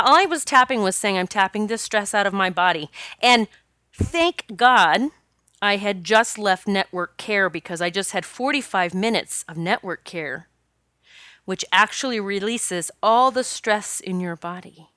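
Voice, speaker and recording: A woman podcast host with a bright, sharp voice tells a personal story. Her delivery is animated and chatty, and she speaks straight to her listeners. The sound is crisp and clean, with a dry, close recording. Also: mid-range voice, dry recording.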